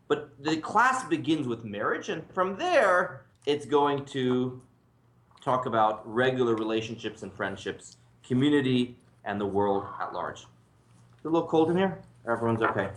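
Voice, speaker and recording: Male rabbi, chatty lunchtime teacher, quick with jokes, roomy sound. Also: medium pitch, a bit bright, slight background noise. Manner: joking, laughs often, asks students to read. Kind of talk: casual lunchtime Torah class. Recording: echoey room.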